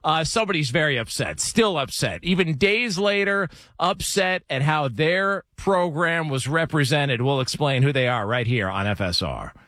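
A man's voice: fairly high pitch, expressive, fairly bright tone, dry recording, studio quality. A man hosting a sports radio show, teasing upcoming segments and reading an ad. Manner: brisk, upbeat promo delivery. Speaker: host.

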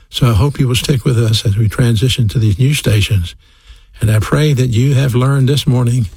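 Radio preacher, male, folksy and earnest, husky voice, dry studio sound. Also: mid-range voice, darkish tone, no room sound. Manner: folksy, earnest, asks "okay?" for agreement. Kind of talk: radio sermon sign-off.

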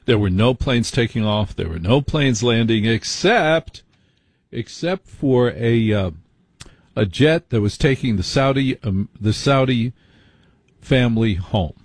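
An American man with a husky, slightly breathy voice talks through a story in a conversational, conspiratorial way. He often breaks off and restarts his sentences. The sound is dry and close, with no room around it. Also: medium pitch, expressive, measured pace, no echo. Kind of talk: casual conversation.

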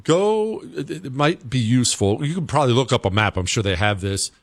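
A man's voice: mid-range voice, lively intonation, brisk, no room sound. A man hosting a talk show, giving an emphatic, conversational political commentary monologue.

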